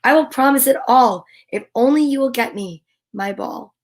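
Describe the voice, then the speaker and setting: An eager, spoiled young princess speaks in a lifted, bright storybook voice, as a woman reads her part. She sounds keen to strike a deal. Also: high-pitched, normal speed.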